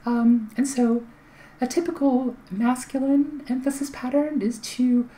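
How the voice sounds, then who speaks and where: A woman's voice: high voice, steady tone, a little slow, warm tone, rough recording. A woman with a light voice that carries little volume, explaining in a casual, chatty way with fillers and restarts. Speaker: vlogger giving voice tips.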